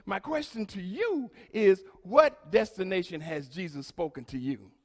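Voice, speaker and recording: A man preaching a sermon to his congregation as pastor, swinging between shouted lines and quiet, low asides. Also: animated, unhurried, long reverb tail.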